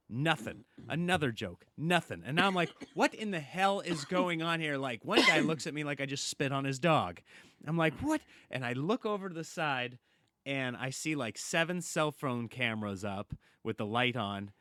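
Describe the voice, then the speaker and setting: A man, a comedian guest on a podcast, telling a long story in a lively, casual way and acting out the quotes. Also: a little high, no echo, clean studio sound. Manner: animated storyteller, acts out quotes, laughs often.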